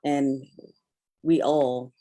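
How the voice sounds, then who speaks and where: An older woman with a mellow, warm voice speaks on a talk show. She talks in a measured, heartfelt way. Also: extremely low pitch, little pitch movement. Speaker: guest, mother of a guest.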